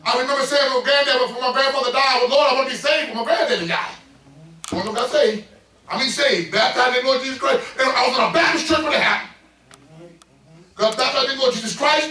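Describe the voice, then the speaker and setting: A middle-aged man preaching a sermon as pastor, building into loud bursts and calling out to the congregation. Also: extremely high pitch, fast, faint music behind. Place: church sanctuary. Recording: echoey church from far off.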